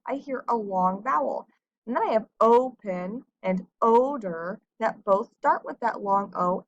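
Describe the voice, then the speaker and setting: A woman's voice: mid-range voice, a bit bright. A woman teacher giving a patient phonics lesson to children, sounding out words carefully. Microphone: screen recording. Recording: dull lo-fi audio.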